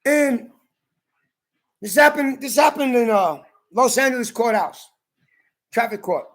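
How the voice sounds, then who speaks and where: Heated high-voiced man ranting. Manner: profane, heated, shouting at times. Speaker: ranting commentator. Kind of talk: angry personal rant and storytelling.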